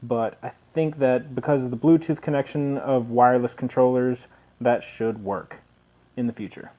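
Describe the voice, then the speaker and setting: A man's voice: mid-range voice, fairly even intonation, moderate pace, warm tone. A man casually commenting on gameplay, rambling with hesitations. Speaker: let's play host. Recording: dull lo-fi recording.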